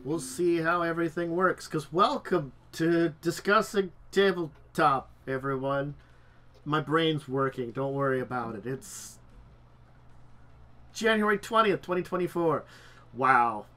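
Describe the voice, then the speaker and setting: A man's voice: on the high side, unhurried, pushed and bright. A man hosting a casual tabletop gaming talk show, rambling with lots of restarts and fillers while sick and tired. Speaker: podcast host. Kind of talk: casual chat.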